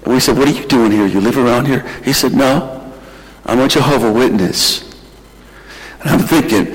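A man preaching, telling a mission story in an emotional, animated way. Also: medium pitch, moderate pace, long pauses, long reverb tail, poor audio. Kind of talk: sermon storytelling.

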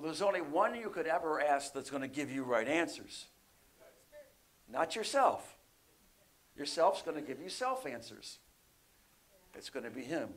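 A man preaching a sermon, often asking his listeners questions and swinging between loud emphatic bursts and soft quiet lines. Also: on the high side. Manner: animated, rising loud for emphasis then dropping soft; asks the congregation questions often.

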